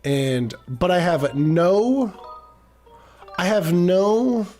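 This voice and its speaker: A man's voice: high-pitched, big pitch swings, a little mellow, soft background music. A man streaming a game, chatting casually and rambling off mid-sentence as he reads his chat. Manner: rambling, distracted, quick to trail off.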